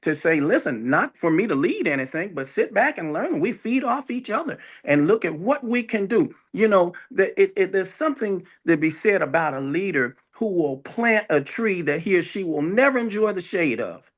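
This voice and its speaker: Older ex-councilman on a panel, kinda high voice, reflective, drags out words for emphasis. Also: very animated. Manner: reflective, with slow emphatic stretches. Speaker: former city council member. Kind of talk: panel discussion.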